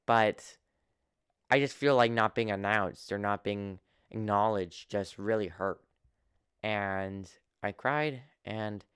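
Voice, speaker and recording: Young man, casual personal storytelling, halting with restarts, very clear voice, dry close sound. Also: lowish voice, a bit bright, no room sound. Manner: earnest and open. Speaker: vlogger.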